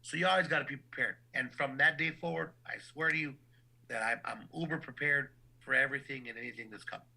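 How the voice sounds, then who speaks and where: A man with a very bright, ringing voice tells stories from his work as a boxing ring announcer. He talks in an animated, casual way and often stumbles over repeated words as he begins a sentence. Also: mid-range voice, fast, creaky, poor audio. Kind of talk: casual interview storytelling.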